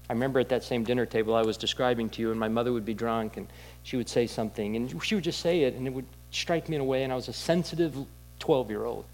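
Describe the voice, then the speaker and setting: A man preaching a sermon in a candid, conversational storytelling way, with halting restarts. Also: mid-range voice, low-quality recording. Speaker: pastor.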